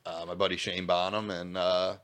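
A man's voice: low voice, level tone, normal speed, fairly bright tone. A man co-hosting a podcast, telling laid-back stories and saying "dude" constantly. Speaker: podcast co-host. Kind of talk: casual storytelling chat.

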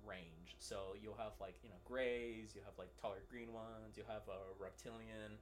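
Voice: mid-range voice, fairly even intonation, normal speed, a little hiss or hum. A podcast co-host in casual chat, rambling and laughing, swearing and saying "like" constantly.

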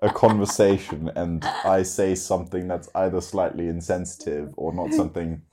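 A young man chatting as a podcast guest, answering in a hesitant, measured way with fillers. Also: low-pitched, fairly even intonation, dark tone. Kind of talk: casual chat.

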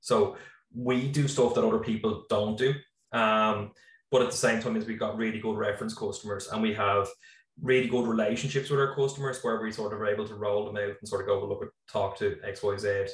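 An Irish man in his thirties, a farmer who also founded a business, chats casually on a video call in a lowish, slightly quick voice. He's relaxed and rambling, full of fillers. His computer mic sits a bit far off in an echoey room.

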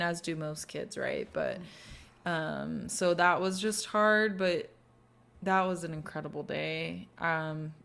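A woman with a lowish, smooth, clear voice co-hosts a podcast. She speaks as a mother reflecting earnestly and pauses now and then between thoughts. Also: a bit bright. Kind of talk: casual reflective chat.

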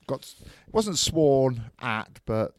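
A man's voice: medium pitch, sing-song, takes it slowly, dry recording. A man chatting casually about his weekend, rambling and laughing at his own jokes. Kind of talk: casual banter.

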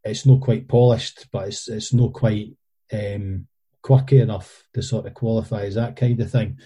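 Husky-voiced, sweary Scottish man. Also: fairly low pitch, fairly even intonation, moderate pace, mellow. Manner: rambling, sweary, repeats words while searching for phrases. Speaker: guest, documentary maker. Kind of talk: casual podcast chat.

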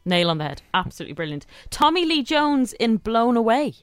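A woman's voice: a little high, big pitch swings, a little fast, clear, resonant tone, dry recording. A woman with an Irish accent co-hosting a radio show, chatting enthusiastically and reading out listener messages. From Ireland. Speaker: radio co-host. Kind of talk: casual chat.

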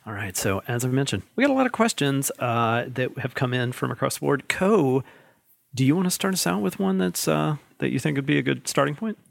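A man hosting a casual panel chat, talking in a halting way with many fillers and no regional accent. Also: medium pitch, very animated, gravelly, no echo, clean studio sound. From Alabama. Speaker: podcast host.

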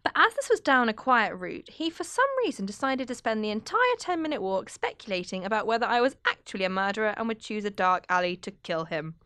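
Lively chatty woman podcast host. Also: medium pitch, fairly quick, hardly any pauses, dry recording, clean studio sound. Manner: lively, chatty, reads listener stories aloud. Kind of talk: casual chat.

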